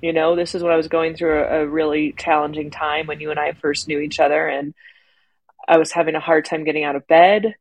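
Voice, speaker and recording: A woman's voice: low-pitched, flat delivery, fairly quick, dry recording, poor audio. A woman co-hosting a podcast, talking in a reflective, rambling way with many fillers in unscripted conversation. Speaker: podcast co-host.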